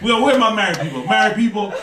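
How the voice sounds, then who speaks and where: A man's voice: sits high, expressive, fast talker, distant mic, very noisy. A man performing a stand-up comedy set on a club stage, talking to the audience and putting on voices for the people he mocks. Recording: roomy club, mic heard from afar, loud crowd. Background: audience laughter and applause.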